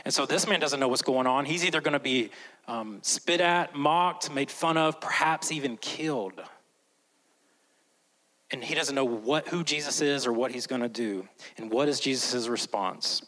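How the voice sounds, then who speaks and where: A man preaching a sermon as a pastor, swinging between loud, emphatic lines and hushed, slow ones. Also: mid-range voice, low-quality recording. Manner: slows down and whispers for emphasis.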